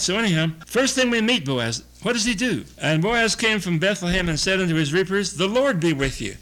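A man preaching a casual sermon, reading scripture slowly and chuckling as he asks his listeners questions. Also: a little high, fairly bright tone, rough recording. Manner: reads scripture aloud slowly. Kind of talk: conversational sermon.

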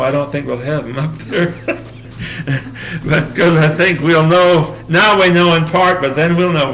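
Folksy older man preaching, gravelly voice. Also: a little high, fairly bright tone, low-quality recording. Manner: folksy, chuckling often, reads scripture aloud. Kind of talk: informal sermon with anecdotes.

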